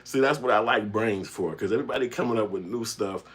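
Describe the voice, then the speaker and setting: Laughing husky-voiced man reading chat aloud. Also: fairly low pitch, fast. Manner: loud laughing, reads comments aloud, slangy. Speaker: livestream host reading chat. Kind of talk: casual livestream chat.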